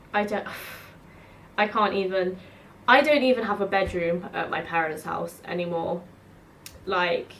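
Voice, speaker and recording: A woman, telling rambling stories to camera in a chatty way, full of "like". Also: mid-range voice. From South East London. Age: 20s. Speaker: student vlogger. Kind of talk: casual storytelling to camera.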